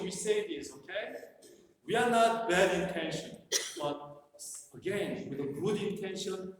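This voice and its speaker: A man presenting a workshop to a live group, talking in a conversational, joking way with many "you know" fillers. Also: high-pitched. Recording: echoey hall from far off, faint noise.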